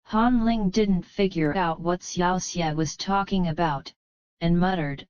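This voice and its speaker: Slow, smooth-voiced woman narrating a novel. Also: fairly low pitch, darkish tone, dry recording. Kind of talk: novel reading. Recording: slightly dull, muffled.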